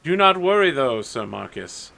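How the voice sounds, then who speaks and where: Man voicing a sly oracle tree for a tabletop game, slow and grand, gravelly, bright edge. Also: mid-range voice, big pitch swings, heavily acted. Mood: mock-flattering. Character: lying magical talking tree, flattering prophecies.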